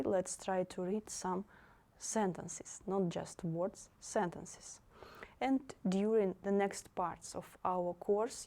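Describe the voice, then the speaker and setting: A woman's voice: on the low side, warm tone. A young woman teaching an online language lesson, patiently saying each word twice for learners to repeat.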